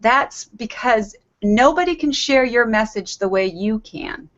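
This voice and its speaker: A woman's voice: a little high, expressive, a little slow, fairly bright tone. Earnest middle-aged woman, dull call audio. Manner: earnest, repetitive, laughs often. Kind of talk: motivational talk on a call.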